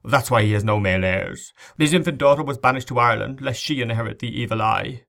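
A man's voice: mid-range voice, fast talker, gravelly, fairly bright tone. A man playing a terrified, pompous old bishop in a storybook reading, crying out in fear. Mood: fearful.

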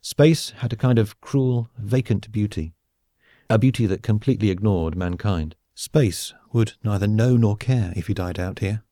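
A man reads a comic science-fiction audiobook in a measured, wry storytelling manner. His voice is low and mellow, recorded dry and close with no room sound. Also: no room sound. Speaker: audiobook narrator. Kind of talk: scripted narration.

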